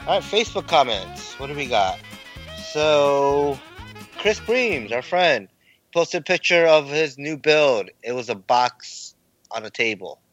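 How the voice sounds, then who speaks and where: A man's voice: fairly high pitch, sing-song, a little slow, fairly bright tone, faint music behind, low-quality recording. A young man co-hosting a casual hobby podcast, telling stories animatedly and laughing often. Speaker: podcast co-host. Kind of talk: casual chat.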